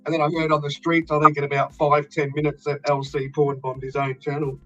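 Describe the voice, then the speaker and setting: A man's voice: a little high, monotone, fairly quick, muffled recording, soft background music. An Australian man in blunt, profane casual chat, ranting with fired-up energy.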